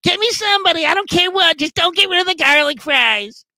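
A man putting on a high, sing-song, cooing fan voice in a comedy call-in bit. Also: animated, fairly quick, pushed and bright, no room sound, heavily acted.

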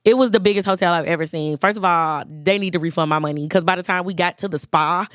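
Woman, 20s, casual podcast host, lively chatter, close dry sound. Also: on the low side, fast, dry recording. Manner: lively, chatty, addresses listeners as y'all. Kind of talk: casual chat.

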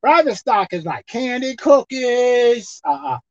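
Woman, sermon, high voice, very lively pitch, emphatic. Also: unhurried, dry recording, dull audio. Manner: animated, swings between loud emphatic lines and low asides. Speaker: preacher.

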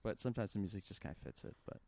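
A man's voice: on the low side, rapid-fire, vocal fry. A male podcast co-host and musician chatting casually, poking fun at himself. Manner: self-mocking, animated. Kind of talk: casual chat.

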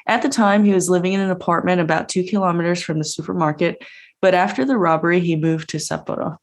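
A woman co-hosting a podcast, reading news items in a steady, matter-of-fact way. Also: on the low side, fast talker.

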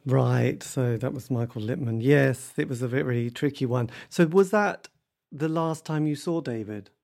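A man's voice: medium pitch, moderate pace, creaky, darkish tone. A man interviewing, asking brief follow-up questions.

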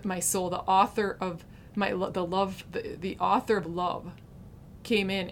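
A woman's voice: medium pitch, vocal fry, slight background noise. Woman, 30s, heartfelt Christian testimony speaker, earnest and emotional, mid-range voice. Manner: earnest, heartfelt, shifts between hushed and intense.

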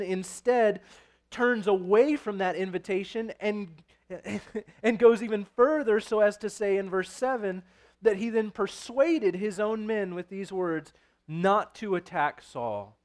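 A man preaching, reading scripture aloud and then explaining it in a conversational way, often checking in with "right?". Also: high-pitched. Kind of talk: sermon.

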